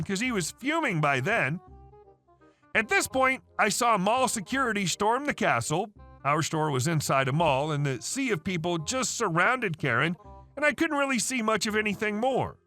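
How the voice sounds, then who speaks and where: A man narrating a workplace story from a written online post in a lively, expressive way. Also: sits high. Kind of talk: scripted narration of a reddit story.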